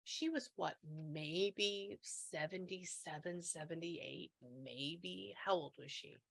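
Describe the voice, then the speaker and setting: A woman's voice: fairly low pitch, takes it slowly, gravelly, a bit bright, husky. Chatty woman in her sixties. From Texas. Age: 60s. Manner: chatty, relays messages with asides and quoted dialogue. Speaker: spiritual medium. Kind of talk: mediumship reading on a call.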